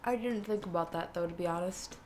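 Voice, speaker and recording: A woman's voice: lowish voice, a little fast, slight background noise. A young woman co-hosting a gaming channel, teasing and sarcastically coaching her partner as he plays. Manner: teasing, sarcastic backseat gamer. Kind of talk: casual gameplay commentary.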